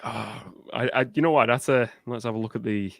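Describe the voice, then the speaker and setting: A man's voice: mid-range voice, a little fast, creaky, a bit bright, dry recording, clean studio sound. A man as a guest on a live movie chat, talking casually with many restarts and fillers. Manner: hesitant, lots of fillers and restarts. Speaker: guest podcaster.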